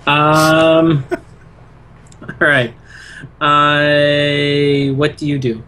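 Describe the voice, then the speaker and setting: Give me a slow, hesitant man narrating a tabletop game, with typing in the background. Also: on the high side, monotone, pushed and bright. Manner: halting, with many ums. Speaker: game master.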